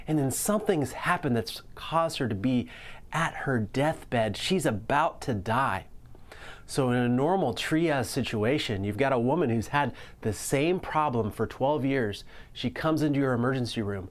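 A man preaching a sermon in an earnest way, slowing down to stress key lines. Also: medium pitch, animated. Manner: earnest preaching, slows down for emphasis. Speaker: pastor.

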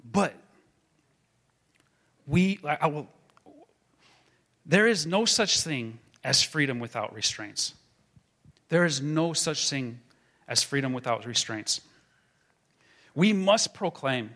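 A man preaching a sermon as a pastor, building to emphatic proclaiming and then dropping to a hushed tone. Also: mid-range voice, expressive, slow, long pauses.

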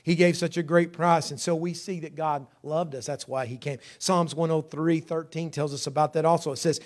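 A middle-aged man preaching a sermon, stretching key words and climbing in pitch to drive points home. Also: fairly even intonation, moderate pace, few pauses.

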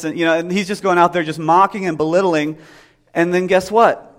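Male preacher, thirties, chatty sermon delivery, slightly higher-pitched voice. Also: steady tone, fairly quick, a bit bright. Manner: conversational, acts out voices. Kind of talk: casual sermon.

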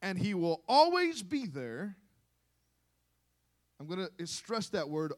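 A man preaching a sermon to a congregation, moving from quiet asides to impassioned shouting and calling on the listeners to respond. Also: high-pitched, big pitch swings, slow, long pauses.

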